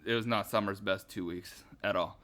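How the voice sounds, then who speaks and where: A man's voice: on the low side, fairly even intonation, normal speed, a bit bright. A young man co-hosting a podcast, chatting casually with crude, teasing jokes. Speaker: podcast co-host. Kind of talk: casual chat.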